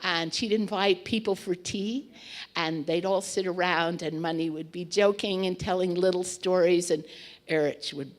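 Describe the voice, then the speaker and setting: Her voice is fairly low and steady at a normal speed as she chats her way through a remembered story. Fillers and restarts pepper the telling, and she performs the lines she quotes.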